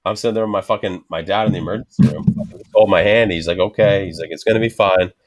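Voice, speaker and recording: Talking very fast in a low voice, this podcast guest, a man in his thirties, tells a story casually. He swears nonstop and animatedly imitates the voices of the people involved.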